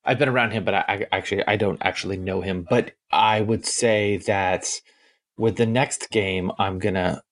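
A man's voice: on the low side, fairly even intonation, moderate pace. A man co-hosting a sports podcast, speaking in a laid-back, somewhat hesitant way. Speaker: podcast co-host. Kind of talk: casual sports chat.

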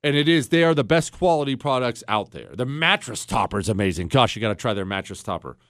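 A man's voice: mid-range voice, very animated, fast talker, fairly bright tone, dry recording, studio quality. A man from the Pittsburgh area with a Pittsburgh accent, hosting a radio talk show in a sarcastic, joking way. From Ohio, near Pittsburgh.

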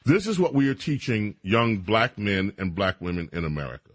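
A man's voice: on the low side, big pitch swings, normal speed. A man hosting a radio talk show, delivering an indignant, emphatic monologue with stammered restarts.

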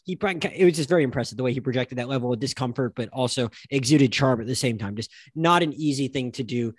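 A man's voice: mid-range voice, quick pace, slightly rough, dry recording. A man hosting a casual film podcast, rambling with lots of stop-start restarts. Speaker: podcast host.

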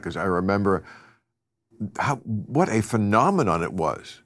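A man's voice: deep voice, very animated, unhurried, long pauses. A man hosting a casual chat, wry, blunt and profane, often chuckling mid-sentence. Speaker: host.

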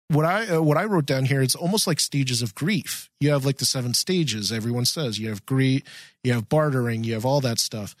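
A man co-hosting a podcast in a casual chat, excited and rambling with frequent restarts. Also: mid-range voice, no room sound. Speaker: podcast co-host.

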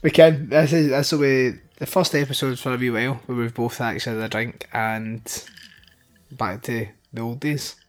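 A man's voice: medium pitch, fairly even intonation, moderate pace. A Scottish man co-hosting a podcast, chatting about a film in a dry, laid-back, wry way. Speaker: podcast co-host. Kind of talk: casual film-review chat.

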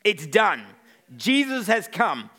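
A man's voice: high voice, very animated, takes it slowly, sharp tone, slightly rough, voice pushed up, exaggerated voice. A man voicing an apostle who proclaims the message with rising, emphatic fervor. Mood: fervent. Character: fervent male apostle proclaiming good news.

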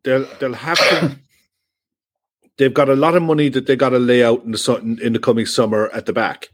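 A man on a casual football chat, explaining his points in a measured, steady way. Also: mid-range voice. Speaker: pundit.

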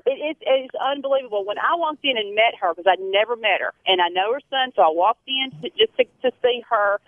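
A woman's voice: a little high, a little fast, dry recording. Brief: woman caller, earnest, heard over a tinny phone line. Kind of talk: calling in to a radio show.

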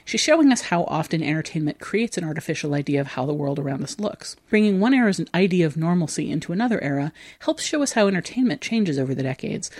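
A woman's voice: low voice, a little mellow, slightly rough, dry recording, clean studio sound. A woman hosting a film discussion podcast, reading prepared commentary and then opening it up to her co-hosts. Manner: opens with scripted-sounding essay read-out, then asks others. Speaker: podcast host.

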